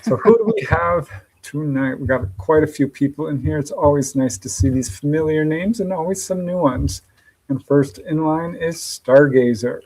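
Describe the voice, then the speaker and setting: Upbeat guy hosting a livestream, kinda high voice, reading out chat names and laughing a lot. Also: normal speed, darkish tone, low-quality recording. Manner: upbeat, greets chat viewers by name, laughs often. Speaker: podcast host.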